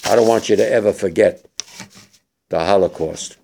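An older war veteran giving an emotional, halting memorial speech to young people in a hall. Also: male voice, fairly low pitch, gravelly, warm tone.

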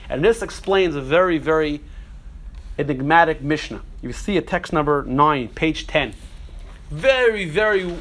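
A middle-aged man teaching a Torah class to a group, animated, repeating phrases and throwing rhetorical questions at his listeners. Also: a little high. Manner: repeats and restarts phrases while thinking.

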